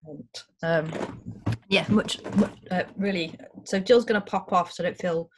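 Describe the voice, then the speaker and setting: A woman hosts a poetry reading over a video call and introduces each piece in a casual, halting way full of fillers. Her voice sits a little low, and she reads her own poems in a firmer tone. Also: background noise. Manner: casual, hesitant introductions with many fillers, then firm recitation. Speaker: host and poet.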